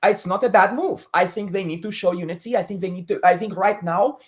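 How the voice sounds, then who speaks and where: Measured woman guest giving opinions. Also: mid-range voice. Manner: measured, opinionated, with military comparisons. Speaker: podcast guest. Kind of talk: casual sports talk.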